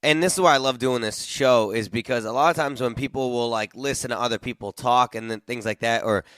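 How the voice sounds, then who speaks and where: A man's voice: mid-range voice, fairly quick, a bit bright, no room sound. A man hosting a podcast who sums up his guest's story and praises him in a casual, encouraging way. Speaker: podcast host. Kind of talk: casual interview chat.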